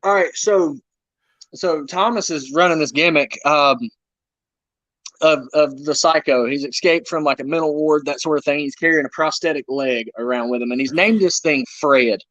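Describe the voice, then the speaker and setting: Lively storytelling man, slightly high voice. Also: normal speed, dry recording. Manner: animated storyteller, self-deprecating humor. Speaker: wrestler guest. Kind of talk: casual interview chat. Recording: dull lo-fi dry sound.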